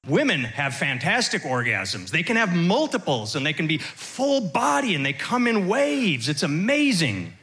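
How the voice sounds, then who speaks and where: High, lively male stand-up comic. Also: moderate pace, few pauses. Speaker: stand-up comedian. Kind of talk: stand-up comedy.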